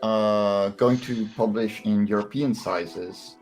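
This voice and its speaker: Low-pitched guy on a drawing stream, talks it through step by step, soft music behind. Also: takes it slowly. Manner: explanatory, thinks aloud with fillers. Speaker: stream co-host and comic creator. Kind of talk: casual chat while lettering comics live.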